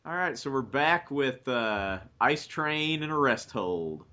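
Male podcast co-host, bright and forceful voice, relaxed joking commentary. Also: medium pitch, takes it slowly. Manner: laughs often, swears casually. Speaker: podcast co-host watching old wrestling. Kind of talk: casual chat, watch-along commentary.

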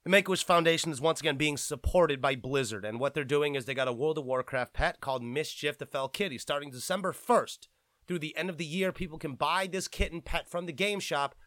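A man's voice: a little high, fairly quick, fairly bright tone, no echo. A man hosting a gaming podcast, ranting with lots of swearing and fired-up outbursts. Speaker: podcast host.

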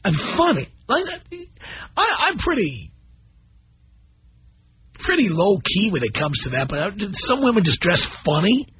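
A middle-aged man hosting a call-in radio show, blunt and animated as he tells stories to his listeners. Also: high voice, unhurried, pauses often, breathy edge. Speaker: radio talk show host. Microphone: studio microphone. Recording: dull broadcast audio.

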